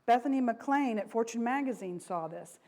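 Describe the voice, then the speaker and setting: A woman's voice: fairly high pitch, lively intonation, normal speed, darkish tone. A middle-aged woman giving a lecture to an audience, speaking frankly and conversationally, with frequent asides and restarts. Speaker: speaker, former company vice president.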